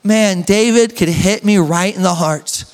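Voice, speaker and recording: High-voiced preaching man, echoey hall. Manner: emphatic, drawn-out delivery with sudden shouts and joking asides. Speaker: pastor. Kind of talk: sermon. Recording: echoey church hall reverb.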